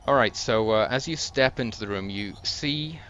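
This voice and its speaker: A man narrating a tabletop game as game master, with a halting delivery full of pauses and restarts. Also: medium pitch, a bit bright, a little hiss or hum. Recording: dull lo-fi recording.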